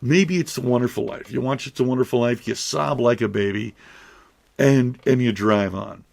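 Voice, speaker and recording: A middle-aged male YouTuber delivers a heartfelt talk straight to the camera, earnest and emotional, rambling and restarting as he goes. His mid-range voice moves at a moderate pace, with vocal fry and a slightly mellow quality.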